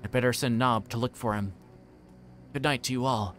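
A man's voice: medium pitch, normal speed, fairly bright tone, faint music behind, close to an everyday voice. A man voicing a fussy, anxious middle-aged male innkeeper who stammers, in a book reading. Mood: reassuring. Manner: flustered, stammering.

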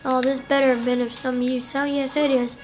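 A woman's voice: sits high, level tone, brisk, soft background music. A woman giving casual, playful let's play commentary on a video game, chatting and muttering to herself.

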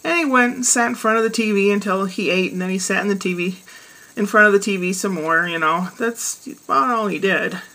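A woman's voice: mid-range voice, fairly quick, sharp tone, poor audio. A woman hosting a weekly joke segment, telling a joke in a chatty, casual way. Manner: chatty storyteller.

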